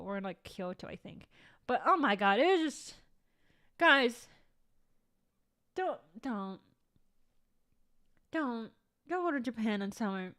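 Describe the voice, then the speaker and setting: A young woman chatting straight to her viewers in a rambling, casual vlog. Her voice sits a little high, and she curses freely and often. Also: fairly bright tone. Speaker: vlogger.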